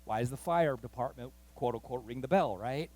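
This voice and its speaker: A man pastor telling a story in a sermon, animated and acting out the voices of the people in it. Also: mid-range voice, brisk. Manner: animated, acts out quoted voices, rising excitement. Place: church.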